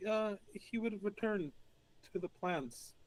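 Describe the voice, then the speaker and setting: A man's voice: high-pitched, measured pace, rough recording. A man playing a tabletop game, hesitant and often restarting his phrases. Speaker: player. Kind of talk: casual tabletop play.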